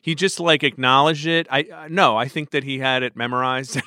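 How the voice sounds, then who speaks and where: A man co-hosting a podcast, opinionated and animated in casual chat. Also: mid-range voice, moderate pace, hardly any pauses. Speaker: podcast co-host.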